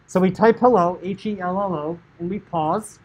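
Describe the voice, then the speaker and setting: Casual male coding teacher, breathy tone, chatty screencast narration. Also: high voice, moderate pace, highs cut off. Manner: chatty, filler "like", acts out inner thoughts. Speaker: high school computer science teacher.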